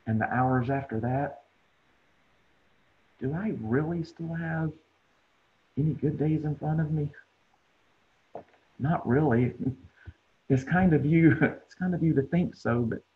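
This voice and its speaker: A young man acting a tender, worn-out dying man in a soft, halting, half-whispered monologue over a video call. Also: medium pitch, lightly acted. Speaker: acting student. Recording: tinny video call audio.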